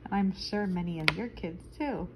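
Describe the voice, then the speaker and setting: A woman reading a children's picture book aloud, expressive and stopping to explain words to young listeners. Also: lowish voice, normal speed, background noise. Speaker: storyteller for children.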